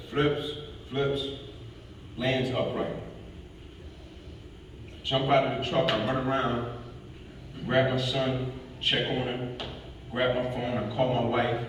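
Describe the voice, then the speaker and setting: A man's voice: medium pitch, a little hiss or hum. A man giving a motivational talk, telling a dramatic personal story and repeating phrases for rhythm. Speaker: motivational speaker. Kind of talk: storytelling speech to a live audience. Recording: echoey hall from far off.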